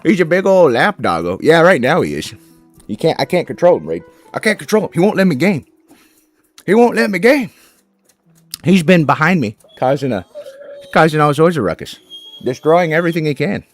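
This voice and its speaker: A man's voice: on the high side, big pitch swings, normal speed, pauses often, faint music behind. A man streaming a game, chatting casually with viewers and cooing baby talk at his dog.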